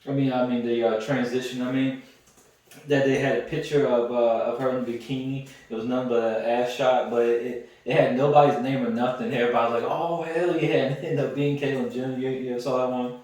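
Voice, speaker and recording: A man's voice: mid-range voice, level tone, quick pace, a little mellow. A young man co-hosting a podcast, blurting out jokes with a lot of fillers in a casual chat. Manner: blurting and jokey, lots of fillers. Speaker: podcast co-host. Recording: roomy echo, distant from the mic.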